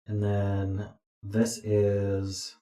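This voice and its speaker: Tired guy mumbling thru a puzzle solve, mellow low-key voice, kinda echoey room. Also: completely flat delivery, very slow. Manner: muttering, self-talk with dry asides. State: tired, yawning. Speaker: puzzle streamer. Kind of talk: thinking aloud while solving a puzzle. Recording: roomy echo.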